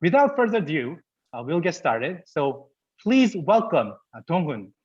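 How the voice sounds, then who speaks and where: A man's voice: on the high side, very animated, measured pace, breathy edge, highs cut off. A man, acting as moderator, introduces a speaker in a polite, formal way with frequent fillers. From Korea.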